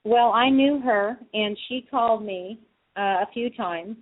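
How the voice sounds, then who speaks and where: A woman who directs an advocacy group joins a call-in show as a guest, speaking earnestly in loose runs of thought. Her fairly high voice moves a little slowly over phone-line sound.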